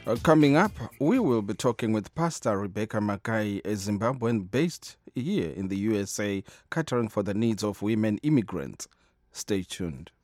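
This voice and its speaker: Male news anchor, low voice, scripted reading, faint music behind. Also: expressive. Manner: measured, formal, occasional "uh" before a segment.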